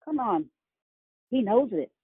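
A woman's voice: a little high, big pitch swings, slow, breathy edge, no echo. A woman preaching a sermon, emphatic and repeating words for effect. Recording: tinny phone-line sound.

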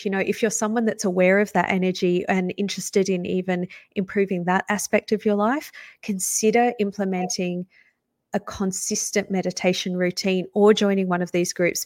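A woman in casual podcast conversation, explaining spiritual ideas in an animated, upbeat way. Her voice sits at a middle pitch. It is recorded close and dry, with no room sound. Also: no room sound. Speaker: psychic medium, co-host.

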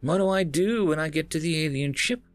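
A man's voice: fairly high pitch, brisk, no room sound, faint music behind, voice pushed up, close to an everyday voice. A man voicing a young male acolyte who talks in a whiny, sing-song childlike way.

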